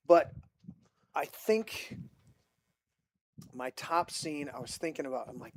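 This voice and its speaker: Excitable, swearing male podcast host. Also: a little high, slow, long pauses, dry recording. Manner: excitable, profane, rambling with restarts. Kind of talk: casual movie chat.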